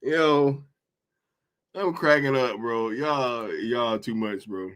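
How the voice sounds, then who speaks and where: A man's voice: medium pitch, slow, a bit bright, smooth. A man hosting a casual livestream, chatting in slang, reading viewer comments aloud and laughing often. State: hungry after a long day. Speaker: livestream host.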